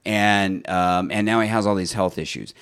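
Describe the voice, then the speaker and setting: A man's voice: fairly low pitch, moderate pace, fairly bright tone, clean tone. A man co-hosting an entertainment podcast, rambling and laughing often in casual chat. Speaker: podcast co-host.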